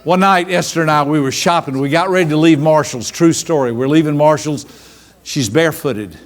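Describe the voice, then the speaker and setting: A middle-aged man leading a business seminar, speaking in a voice that sits a bit higher than most men's. He tells stories in an animated way and acts out the scenes as he goes. His delivery keeps things moving with humor. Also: fairly quick.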